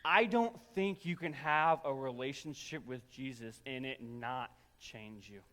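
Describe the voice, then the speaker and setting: A young man preaching a sermon, telling personal stories in an animated, self-deprecating way to his congregation. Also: mid-range voice, measured pace. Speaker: pastor. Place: large church auditorium. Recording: church hall with long reverb.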